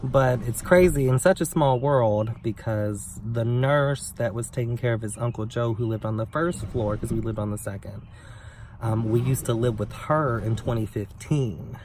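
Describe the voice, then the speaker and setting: A young man telling a story on his vlog in a blunt, sassy, profane way, with big swings in pitch. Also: moderate pace, a little mellow. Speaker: vlogger. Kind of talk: casual storytime rant. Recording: somewhat distant mic with faint background noise.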